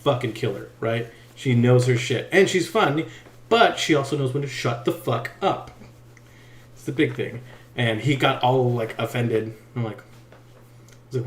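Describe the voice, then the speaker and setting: A man's voice: medium pitch, normal speed, roomy sound. A man co-hosting a podcast, chatting casually with sarcasm, profanity and laughter. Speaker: podcast co-host. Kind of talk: casual chat.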